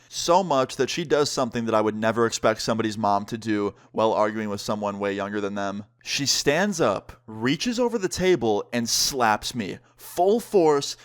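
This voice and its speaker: Young man telling a storytime to camera, casual and animated, full of "like" and "you know". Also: mid-range voice. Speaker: vlogger. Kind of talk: storytime vlog.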